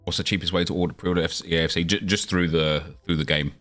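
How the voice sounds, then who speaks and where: Young guy streaming, low voice, chatty, reading out chat, soft music behind. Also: steady tone, fast talker. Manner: chatty, reads viewer questions aloud. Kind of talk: casual live-stream chat.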